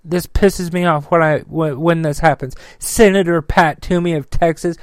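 A male political commentator unloads a furious, swear-laden rant, stumbling over fillers. His voice sits high and clear, and he speaks slowly and with weight. The sound is close and dry, with no room around it. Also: fairly even intonation, no echo. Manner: angry, profane, loud; filler-heavy.

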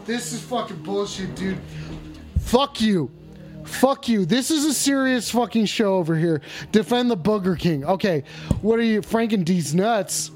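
A man's voice: high voice, lively intonation, a little slow, darkish tone, faint music behind. A man hosting a mock call-in show, talking in a brash, profane, mocking way. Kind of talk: crude comedic streaming banter.

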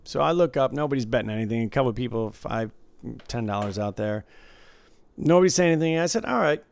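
A man telling a lively work story in casual chat, acting out the people he quotes. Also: mid-range voice, fast, clear, resonant tone. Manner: animated storyteller, acts out quotes loudly. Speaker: casino dealer telling a story.

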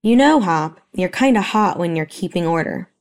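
A woman's voice: lowish voice, lively intonation, normal speed. A woman voicing a teasing, flirtatious female shop clerk who drawls playfully. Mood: flirty.

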